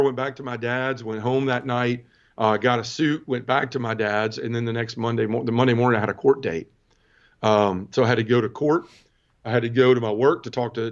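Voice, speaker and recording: A middle-aged man from the American South recounts his story as an interview guest, earnest and emotional, often restarting his sentences. His voice sits at an average pitch. The audio is a bit muffled and lo-fi. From Southern United States. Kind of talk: personal testimony storytelling.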